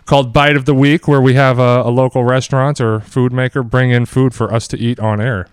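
Radio guest guy, chatty and rambly, clean smooth voice, no room echo at all. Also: medium pitch, little pitch movement, fairly quick. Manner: friendly, rambling, lots of fillers. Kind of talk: casual radio chat.

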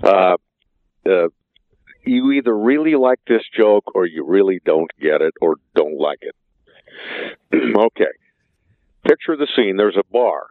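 A man telling a joke as a guest on a radio show, phoning in, animated and laughing at his own punchline. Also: lowish voice, no room sound. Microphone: phone line. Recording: tinny phone line.

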